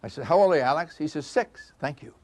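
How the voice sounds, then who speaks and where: Talking fast in a slightly high voice, an older man delivers a storytelling seminar on customer service. He's an animated teller who performs the dialogue himself and laughs frequently.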